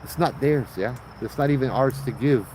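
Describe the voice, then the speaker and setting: A man with a Hawaiian Pidgin accent voicing a blunt, calm, sure-of-himself old Hawaiian uncle. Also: mid-range voice, moderate pace, noisy background, lightly acted. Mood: matter-of-fact.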